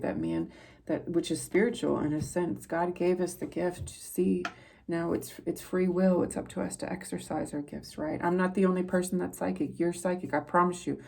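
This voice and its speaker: A woman's voice: lowish voice, vocal fry, a little mellow, slightly rough. A woman who is a psychic tarot reader, giving an earnest, rambling spiritual reading to her viewers in a preacher-like way.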